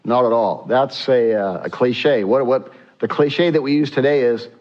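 A man's voice: mid-range voice, moderate pace, dull audio. A man preaching a sermon, asking the congregation rhetorical questions and acting out scripture quotes with a rising voice. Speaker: pastor.

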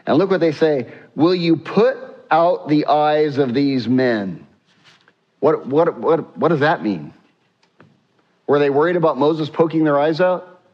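A man's voice: a little high, measured pace, muffled recording. A man preaching a sermon, asking the congregation rhetorical questions and acting out scripture quotes with a rising voice. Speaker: pastor.

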